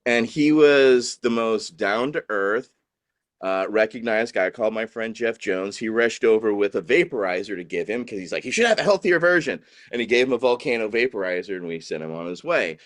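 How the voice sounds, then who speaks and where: A man from New Orleans telling a story in casual chat, acting out the people he quotes in high voices. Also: moderate pace, no echo, studio quality. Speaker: guest, dispensary owner.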